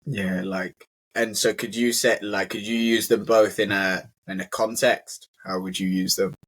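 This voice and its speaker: A man's voice: on the low side, level tone, a little slow, fairly bright tone, breathy edge. A British man teaching English in a casual conversational lesson, chatty and full of "like" fillers.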